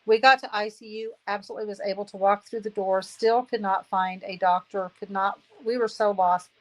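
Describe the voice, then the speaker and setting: Woman in her fifties, grieving testimony, indignant, monotone delivery, repeats for emphasis. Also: medium pitch, brisk, rough recording. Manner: earnest, repeats phrases for emphasis; aggrieved, indignant. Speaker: widow giving testimony. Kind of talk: emotional personal testimony.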